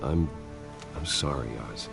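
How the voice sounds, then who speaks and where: An actor playing a calm, wealthy young man who speaks in a low, measured, restrained way in a game scene. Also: gravelly, heavily acted. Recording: game audio with faint music.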